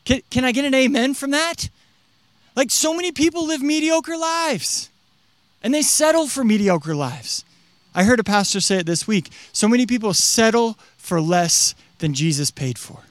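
A man's voice: extremely high pitch, expressive, normal speed, dry recording. A young man preaching a casual, conversational sermon as a pastor, full of fillers and acted-out quotes. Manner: chatty, uses many fillers, acts out quotes in character voices.

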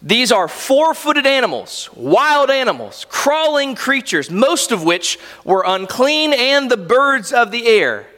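A man's voice: very high-pitched, big pitch swings, slow pace, hardly any pauses, fairly bright tone, in a large hall. A man preaching a sermon as a pastor, telling the story vividly and with animation.

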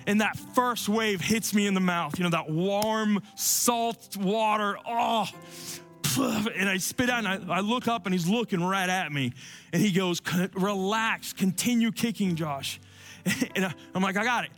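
A man preaching a sermon and telling a personal story, often dropping to soft, low tones for emphasis. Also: moderate pace, soft background music. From Cuban family. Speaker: pastor.

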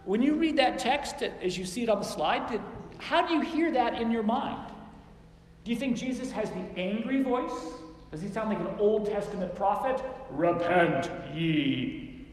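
A man's voice: very high voice, expressive, normal speed. A man preaching a sermon in a conversational way, acting out quoted lines in different tones. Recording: echoey hall with faint background noise.

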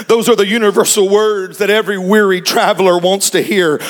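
Man, high voice, preacher, sermon, builds to shouts, repeats phrases. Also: steady tone. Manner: builds from soft storytelling to shouting emphasis; drawn-out repetition, frequent "uh" fillers.

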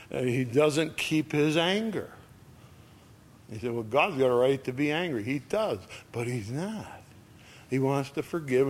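Slow and folksy, a man gives a sermon as a pastor, circling back over the same phrases. Now and then his voice lifts sharply at the peaks.

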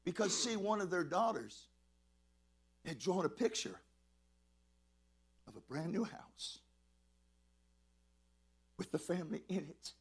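A man preaching a sermon as pastor, emphatic and excitable, stumbling over restarts as he gets worked up. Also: sits high, takes it slowly, long pauses, breathy edge.

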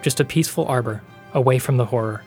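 A man narrating a fantasy story in a measured, expressive reading voice. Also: mid-range voice. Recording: faint background music.

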